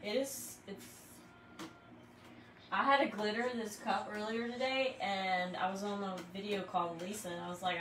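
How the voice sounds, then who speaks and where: Casting note: woman, chatty crafter teaching on a live stream, echoey room, clear noise behind. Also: mid-range voice, fairly even intonation, normal speed, a bit bright. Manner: chatty, laughs easily, explains as she works. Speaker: crafter demonstrating tumbler making. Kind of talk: casual livestream tutorial. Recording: roomy echo with background noise.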